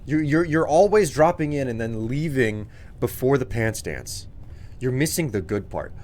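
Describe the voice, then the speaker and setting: A man's voice: mid-range voice, lively intonation, moderate pace, a little mellow. A man streaming a video game live, joking around and talking casually to his chat. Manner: joking, chatty, talks to chat.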